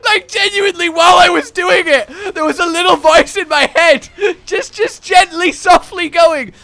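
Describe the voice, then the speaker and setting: A man's voice: very high voice, moderate pace, creaky, pushed and bright, no echo. A man hosting a casual gaming session, teasing his co-player, laughing often and rambling in asides. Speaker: host and lead player.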